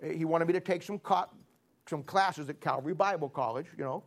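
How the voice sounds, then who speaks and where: A middle-aged man preaching a sermon, telling stories in a folksy way and building to forceful emphasis. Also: fairly high pitch, fairly quick. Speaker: pastor. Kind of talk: storytelling sermon.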